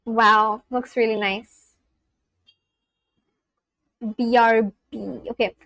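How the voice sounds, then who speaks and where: A young woman from India chatting casually on a livestream, reading out viewers' comments and reacting with gushing excitement. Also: on the high side, drawn-out words, vocal fry, no room sound, poor audio. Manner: gushing, reads chat aloud and reacts.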